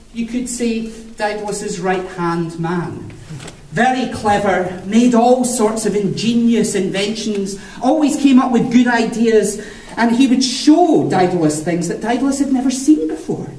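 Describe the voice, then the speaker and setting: A male storyteller tells a myth in a playful, theatrical way, letting his pitch rise and fall with animated swings. He speaks at an unhurried pace. He is heard from a distance, with a cave echo and faint noise behind. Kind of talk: live storytelling for a family audience. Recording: echoey cave, voice from afar.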